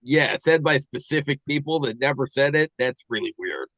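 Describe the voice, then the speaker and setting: A middle-aged man hosting a casual podcast chat, thinking aloud in a halting way with many restarts. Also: mid-range voice, lively intonation, gravelly, a bit bright, dry recording, poor audio. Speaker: podcast host.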